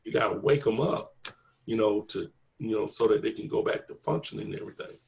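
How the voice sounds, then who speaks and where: A man's voice: fairly low pitch, fairly quick, creaky, a little mellow. A man telling a personal story in a conversational way, acting out each exchange of dialogue with earnest conviction. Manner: acts out dialogue, repeats "I said" and "he said"; earnest, faith-filled testimony. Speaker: interviewee telling his story.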